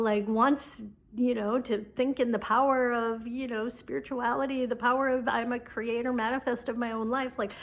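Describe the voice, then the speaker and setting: A woman casually recounting a personal story, chatty and loose, acting out quoted exchanges and often saying "like". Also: on the high side. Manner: casual, chatty retelling with quoted dialogue and frequent "like". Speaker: spiritual coach.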